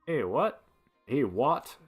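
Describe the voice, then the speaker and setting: A man voicing a nosy, chatty young female servant in a game, with a put-on British accent and a high, exaggerated lilt. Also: big pitch swings, takes it slowly, slightly rough, faint music behind, exaggerated voice. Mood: gossipy. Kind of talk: reading game dialogue aloud.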